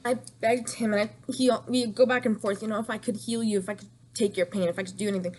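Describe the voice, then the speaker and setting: A woman's voice: medium pitch, fairly even intonation, fast, a little mellow, a little hiss or hum. A young woman telling an emotional storytime vlog, distraught and rambling, repeating herself and crying at times.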